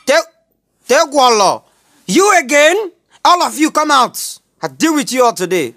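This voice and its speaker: A woman playing a shouty Nigerian schoolteacher. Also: sits high, very animated, measured pace, exaggerated voice. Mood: scolding. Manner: scolding, shouty. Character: strict shouting female schoolteacher. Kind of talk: comedy skit acting.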